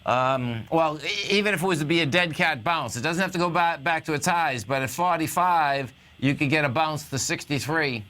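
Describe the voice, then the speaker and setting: A man's voice: on the high side, moderate pace, few pauses, sharp tone. A male talk radio host giving casual, rambling stock market commentary.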